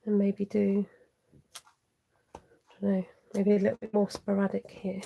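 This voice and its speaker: A woman's voice: mid-range voice, completely flat delivery, moderate pace, gravelly, warm tone, slight background noise. A woman hosting a live card-making tutorial, chatting to viewers and muttering half-whispered asides to herself as she works. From United Kingdom. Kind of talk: live-streamed craft tutorial.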